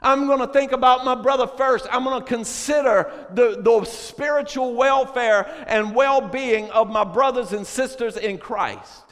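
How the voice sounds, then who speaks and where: A man preaching a sermon to a congregation, moving from chatty asides to shouted, drawn-out, emphatic phrases. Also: very high-pitched, steady tone. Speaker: pastor. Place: church sanctuary. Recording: long reverb of a large hall.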